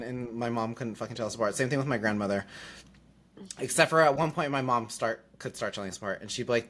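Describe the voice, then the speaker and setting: A young man co-hosting a podcast in casual chat, telling animated stories, swearing casually and laughing often. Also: mid-range voice, fast. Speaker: podcast co-host.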